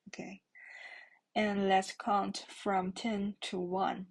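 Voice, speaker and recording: Woman, Chinese accent, language teacher, very slow, breathy, patient, repeats words. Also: mid-range voice, darkish tone, poor audio. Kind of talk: slow classroom lesson.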